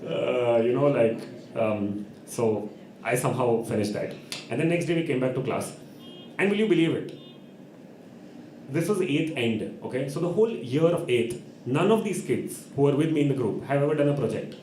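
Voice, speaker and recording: A man telling an animated story at an open mic, acting out voices and laughing often. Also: mid-range voice, moderate pace, echoey room, slight background noise. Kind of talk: storytelling on stage. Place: live open mic venue.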